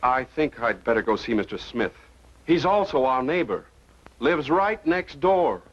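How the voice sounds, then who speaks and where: An actor playing a prim, flustered young husband with a stiff manner, in 1950s film acting. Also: male voice, medium pitch, sing-song, unhurried. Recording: dull old film soundtrack, faint hiss.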